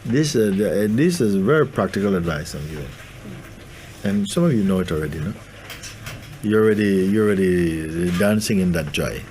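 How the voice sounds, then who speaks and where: Male spiritual teacher, low pitch, gentle, easy laughter. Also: moderate pace, a little hiss or hum. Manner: gentle, laughs often, playful. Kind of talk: spiritual talk to a gathering.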